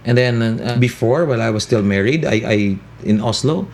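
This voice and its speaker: In a slightly quick, mid-range, somewhat mellow voice, a man from the Philippines in his forties talks during an interview chat; he works as a radio DJ and voice-over artist. He speaks English with a Californian-flavored American accent, mixes in Tagalog and Bisaya, and laughs a lot, over a faint hiss or hum.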